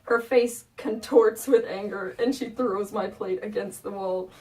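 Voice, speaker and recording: A woman's voice: mid-range voice, fairly even intonation, warm tone. A young woman reading fanfiction aloud with a friend, drawling the lines and laughing at them. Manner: slow, amused, laughing asides. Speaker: co-reader. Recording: distant from the mic.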